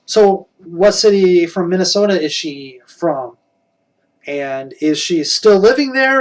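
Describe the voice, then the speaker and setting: A middle-aged man hosting a live stream, rambling casually and chuckling while answering viewer comments. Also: high voice. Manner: rambling, chuckles often, talks to chat.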